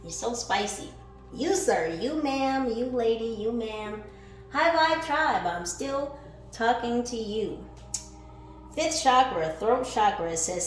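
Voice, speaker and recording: A woman giving a spiritual card reading, her voice of middling pitch rising from calm musing to loud, fired-up outbursts. She is recorded in an echoey room with soft music behind her. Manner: reads affirmations aloud, laughs and swears casually. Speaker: tarot reader.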